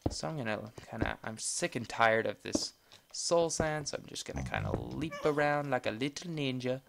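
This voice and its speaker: A man giving casual, jokey commentary over his own gameplay video, talking in excitable bursts. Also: medium pitch, normal speed, creaky, noisy background. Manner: excitable, jokey, rambling exclamations. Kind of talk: casual let's-play commentary.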